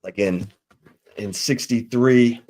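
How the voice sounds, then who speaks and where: A man hosting a sports talk show, telling football history in a relaxed, rambling way with fillers and restarts. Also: medium pitch, slow. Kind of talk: casual sports talk and storytelling.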